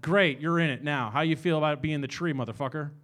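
A man's voice: fairly high pitch, fast, a bit bright. A middle-aged man hosting a live comedy talk show in a small bar, rambling and self-deprecating, working up into exasperated rants. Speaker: host.

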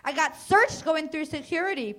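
A woman's voice: high voice, moderate pace, fairly bright tone. A young woman from New Jersey doing a stand-up comedy set on a club stage, casual and crude, with hesitant fillers and self-mocking asides.

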